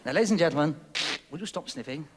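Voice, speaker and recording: A man's voice: fairly high pitch, lively intonation, fast talker, a crowd in the background, background noise. A man hosting a stage comedy sketch, theatrical and mock-grand, playfully scolding his partner. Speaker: comedy host. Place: large TV studio with live audience. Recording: reverberant studio with audience.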